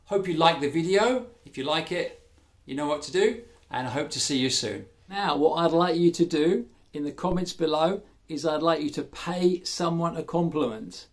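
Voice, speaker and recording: A man hosting an English lesson, talking clearly and carefully and stressing key words. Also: on the high side, moderate pace. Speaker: English teacher. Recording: roomy echo.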